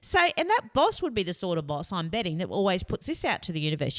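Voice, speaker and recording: A woman giving a lively motivational talk, telling stories and putting on voices. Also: lowish voice, fast, few pauses. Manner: lively, storytelling with put-on voices. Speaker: motivational speaker.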